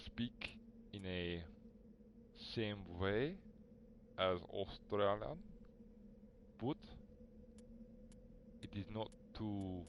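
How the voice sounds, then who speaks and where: A man putting on a thick mock French accent, speaking slowly and haltingly in a hammy, playful way. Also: lowish voice, slight background noise. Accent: put-on French.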